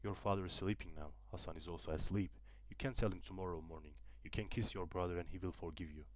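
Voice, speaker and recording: Brief: quiet sad caretaker woman, low dry read, done by a man. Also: fairly even intonation, fast talker, no echo, close to an everyday voice. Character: tearful gentle female caretaker.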